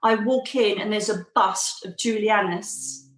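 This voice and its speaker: A woman's voice: mid-range voice, a little slow, reverberant, rough recording. A middle-aged woman, a podcast guest, telling a personal story animatedly and acting out quoted voices. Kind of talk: storytelling in an interview.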